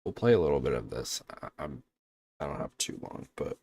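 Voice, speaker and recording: A man streaming a video game, chatting with viewers in a playful, jokey way that gets excited easily. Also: very deep voice, moderate pace, slight background noise. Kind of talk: casual gameplay livestream chat. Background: faint game music.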